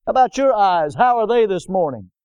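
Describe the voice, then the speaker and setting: High, smooth-voiced pastor, preaching with emphasis, dry sound. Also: male voice, sing-song, a little fast, a little mellow, dry recording, dull audio. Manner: emphatic, with call-and-response questions to the congregation. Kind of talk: sermon.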